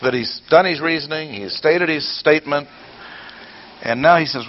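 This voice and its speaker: A man's voice: fairly high pitch, normal speed. An older man giving a teaching sermon. He fires off rhetorical questions, bursts into emphasis and drops dry, sarcastic asides. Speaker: preacher or Bible teacher. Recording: dull lo-fi audio with faint noise.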